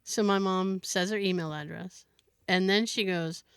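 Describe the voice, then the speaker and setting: A woman co-hosting a podcast, telling a story in a casual, animated way and laughing often. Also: fairly low pitch, unhurried, smooth, no room sound, clean studio sound. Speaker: podcast co-host.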